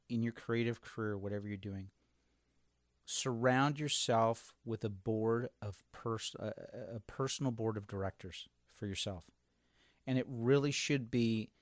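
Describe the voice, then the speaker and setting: An animated man hosting a podcast, telling stories and slipping into the voices of people he quotes. His voice sits in a middle pitch, and the recording is close and dry with no room sound. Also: no echo. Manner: animated storyteller, acts out quotes. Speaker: podcast host. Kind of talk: casual chat.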